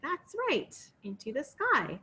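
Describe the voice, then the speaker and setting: A woman's voice: a little high, slow pace. Sing-song woman reading a story to kids. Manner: expressive, coaxing, sing-song. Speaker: children's storyteller. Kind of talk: interactive read-aloud for children.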